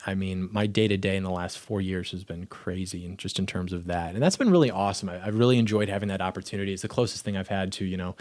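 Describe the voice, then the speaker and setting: A young man with a fairly low voice talks loosely to camera in a small home studio. He rambles and restarts his sentences in an offhand, unscripted way, like a YouTuber speaking off the cuff. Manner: rambling, self-interrupting, offhand. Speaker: YouTube commentator. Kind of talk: casual chat to camera.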